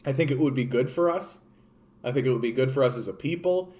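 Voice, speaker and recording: A young man from Canada ranting about politics, swearing often and swinging between loud outbursts and hushed, soothing asides. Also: mid-range voice, fast. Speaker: political streamer. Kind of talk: profane political rant.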